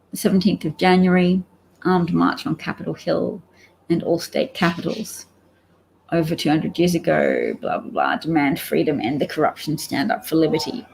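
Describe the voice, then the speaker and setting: A woman's voice: on the low side, creaky, darkish tone, a little hiss or hum, low-quality recording. A woman giving rambling, wry solo commentary on the news, reading out quotes and sounding sleepy. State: sleepy, yawning. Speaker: political commentator.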